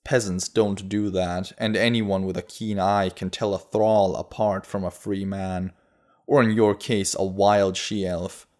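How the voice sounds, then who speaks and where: In an audiobook, a man voices a brash, ruthless human bandit leader in a low, level, unhurried voice. The character comes across cocky and offhand, though he shouts when making demands.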